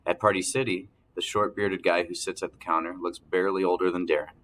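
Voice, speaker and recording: A man narrating an audiobook in the first person, telling the story calmly and evenly. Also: low voice, a little fast.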